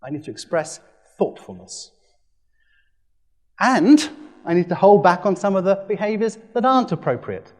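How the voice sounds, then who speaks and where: In a lively training presentation, a man addresses a room with a playful, animated delivery, his voice a little high for a man. He breaks into quick acted-out quotes as he talks.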